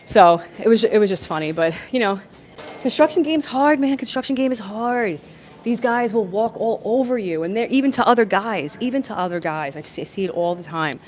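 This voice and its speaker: A young woman telling a work story on a live stream from her phone, chatty and animated, with lots of fillers and laughs. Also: medium pitch, a little fast, slight background noise. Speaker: plumbing apprentice vlogger. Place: construction site building, indoors. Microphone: phone held in hand.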